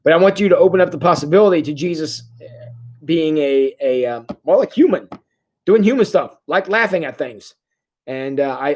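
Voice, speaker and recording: A pastor giving a casual, joking livestream sermon and reading viewer comments aloud, often stopping and restarting mid-sentence. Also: mid-range voice. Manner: jokey, conversational, halting restarts. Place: church.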